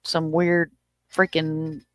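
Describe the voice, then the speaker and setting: A woman's voice: sits low, monotone, drawn-out words, no echo, muffled recording. Blunt chatty woman co-host. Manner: blunt, chatty, swears casually. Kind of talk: casual livestream chat.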